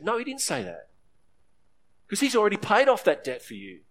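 A man's voice: wildly swooping pitch, normal speed, a bit bright. A man preaching a sermon, earnest, briefly acting out the voices in the story. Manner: earnest preaching, acts out quoted voices with rising pitch. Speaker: pastor.

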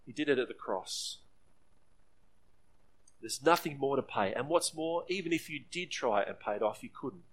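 A man's voice: expressive, moderate pace, pauses often. A man preaching a sermon, earnest, briefly acting out the voices in the story. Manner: earnest preaching, acts out quoted voices with rising pitch. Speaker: pastor.

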